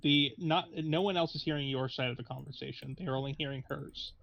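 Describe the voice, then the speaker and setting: A man's voice: mid-range voice, steady tone, a little fast, gravelly, a bit bright, slight background noise. A man narrating as game master of a tabletop game in a meandering, hesitant way. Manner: meandering, hesitant, frequent restarts.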